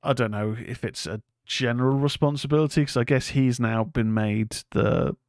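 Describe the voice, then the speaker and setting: A man's voice: medium pitch, normal speed, no echo, clean studio sound. A man co-hosting a podcast, recapping a TV episode in casual, hesitant chat with lots of fillers. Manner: rambling, hesitant with many fillers. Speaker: podcast co-host.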